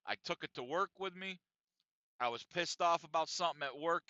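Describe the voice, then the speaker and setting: A man's voice: fairly high pitch, sing-song, fairly quick, pushed and bright, dry recording. A man hosting his own podcast, talking bluntly and confessionally with a lot of profanity. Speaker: podcast host. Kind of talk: casual monologue podcast. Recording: dry, dull lo-fi sound.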